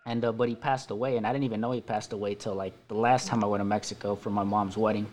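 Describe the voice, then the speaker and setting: A man's voice: fairly low pitch, fast. A young man hosting a casual podcast, telling stories with frequent laughter and plenty of swearing. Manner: laughs often, swears a lot, animated storytelling. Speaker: podcast host. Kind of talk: casual stoner podcast chat.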